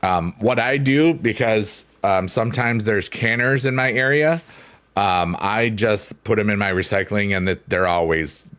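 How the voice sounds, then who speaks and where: This livestream host speaks a little slowly in a lowish, clean, fairly bright voice. He reads his chat aloud with a loose, jokey, rambling manner while piano music plays.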